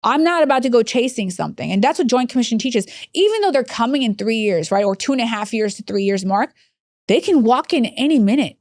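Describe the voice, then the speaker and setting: Animated woman telling stories, dry sound. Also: a little fast, no echo. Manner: animated, acts out quoted voices with big pitch jumps. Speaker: hospice executive guest. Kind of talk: podcast interview storytelling.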